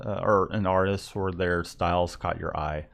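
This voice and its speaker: Young male co-host with a low voice, halting casual delivery. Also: steady tone, vocal fry, a bit bright. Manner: hesitant, repeats words when starting. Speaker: co-host of a live business show. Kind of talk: casual live-stream chat.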